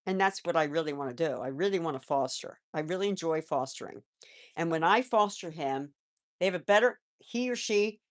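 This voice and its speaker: A woman's voice: low voice, expressive, brisk. Chatty woman hosting a pet live stream. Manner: chatty, rambling, with restarts; soft baby-talk to pets, often away from the mic. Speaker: pet channel host. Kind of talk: casual live-stream chat.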